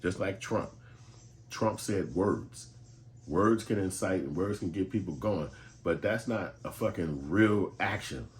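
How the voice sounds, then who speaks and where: A man from talks in a low, deep voice, delivering blunt, streetwise commentary full of profanity. A quiet hiss sits faintly under his voice. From Chicago. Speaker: commentary channel host.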